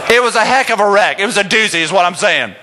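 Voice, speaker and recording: A middle-aged man telling a humorous personal story to an audience, animated and self-mocking, chatting with the crowd. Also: sits high, fast talker, noisy background.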